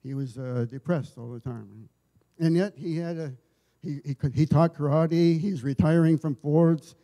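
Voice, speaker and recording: A man giving an informal church sermon, telling stories in a halting way, often repeating and restarting his words. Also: fairly high pitch, warm tone. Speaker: lay preacher. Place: church service.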